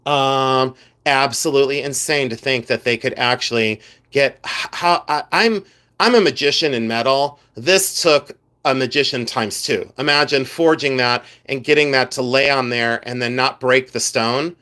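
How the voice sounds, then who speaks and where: A man's voice: medium pitch, moderate pace, bright, forceful tone, clear, resonant tone. A man hosting a casual live stream from his home studio, chatting to viewers in a scattered, rambling way. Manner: chatty, scattered, talks to chat while rummaging around. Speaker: livestream host, silversmith.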